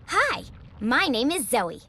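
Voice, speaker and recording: Woman voicing a brave, cheerful little girl for a storybook, high and bouncy, kindly bossy. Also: wildly swooping pitch, slow, background noise, full character voice. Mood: eager. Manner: bright, eager, bossy-kind. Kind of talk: storybook character voice.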